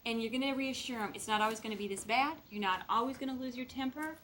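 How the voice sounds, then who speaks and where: A middle-aged woman lectures foster parents as part of their training, livelily acting out the voices in the stories she quotes. She talks fast with a fairly high pitch, and there's a little hiss or hum in the recording.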